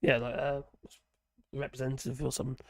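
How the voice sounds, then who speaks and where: A man with a hoarse voice, rambling and chuckling as he hosts a live stream and reads out viewer chat. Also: medium pitch, level tone, fairly quick, no echo, studio quality. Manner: rambling, chuckling, trailing off mid-sentence. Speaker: livestream host reading viewer chat.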